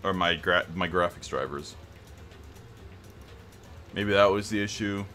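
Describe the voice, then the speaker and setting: A man's voice: low-pitched, measured pace, bright, forceful tone, soft background music. A man streaming a game, chatting casually and joking, often breaking off mid-sentence. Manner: laid-back, joking, trails off mid-sentence. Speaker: streamer playing a visual novel. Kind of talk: casual live-stream chat.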